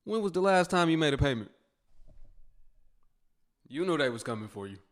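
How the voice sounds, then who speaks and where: A man's voice: medium pitch, very animated, normal speed. A man commenting bluntly and mockingly on viral clips in a casual, laid-back way.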